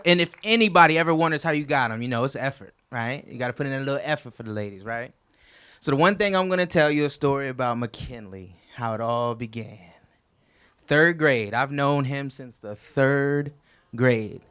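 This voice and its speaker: A man's voice: mid-range voice, lively intonation, fairly quick, fairly bright tone, clean tone. A man, the best man at a wedding reception, telling stories about the groom in a chatty, joking toast.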